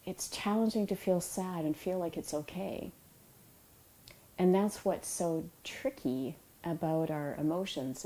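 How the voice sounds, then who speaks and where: A middle-aged woman, an author, giving a reflective talk about emotions in a soft, unhurried and tender way, with pauses. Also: on the low side, rough recording. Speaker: author and yoga teacher.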